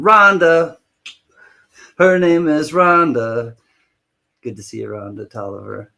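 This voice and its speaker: His voice sits in the mid range, creaky, pushed and bright. Hosting a live online auction stream, this man jokes around as he greets each viewer in casual chat, firing off names at speed.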